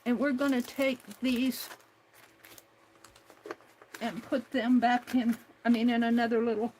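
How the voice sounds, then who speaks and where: A woman's voice: a little high, level tone, a little slow, darkish tone, a little hiss or hum. A woman hosting a craft livestream, talking herself through each step at her home desk. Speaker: craft channel host. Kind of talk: casual crafting livestream narration.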